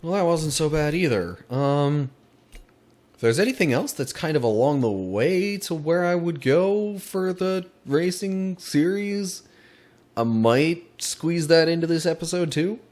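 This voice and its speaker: A man casually commenting on his own racing gameplay. He is chatty, laughs easily and gets excitable while driving. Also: on the high side, measured pace. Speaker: gaming channel host. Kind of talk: casual let's play commentary.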